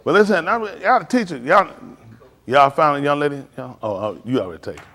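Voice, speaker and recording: Lively, laughing man telling stories. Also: a little high, a little fast, big-room sound. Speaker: preacher. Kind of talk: casual live-stream advice talk.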